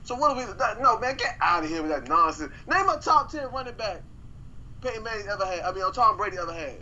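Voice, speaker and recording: A man co-hosting a casual sports podcast, excitable and incredulous, often repeating himself. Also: high-pitched, fast talker, highs cut off, a little hiss or hum. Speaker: podcast co-host.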